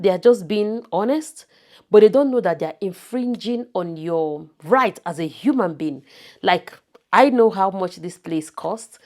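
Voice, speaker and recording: A woman's voice: mid-range voice, a little mellow. A woman from Nigeria with a Nigerian accent, talking casually to camera in a vlog and stressing her points with repetition. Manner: emphatic, repeats words for stress. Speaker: vlogger.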